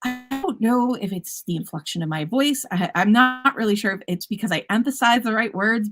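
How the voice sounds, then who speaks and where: A woman teacher giving an upbeat, chatty conference presentation about classroom practice, with playful puns. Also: mid-range voice.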